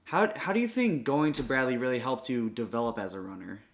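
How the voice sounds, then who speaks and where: A man hosting a podcast, asking his guest questions in a measured, friendly way. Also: mid-range voice, expressive. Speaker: podcast host. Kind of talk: interview questions.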